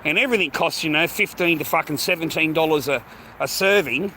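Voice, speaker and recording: Slight background noise surrounds a fairly high-pitched Australian man whose pushed, bright voice comes out animated and fairly quick. He's ranting in a casual walking vlog outdoors, rambling with profanity and slang while slightly out of breath.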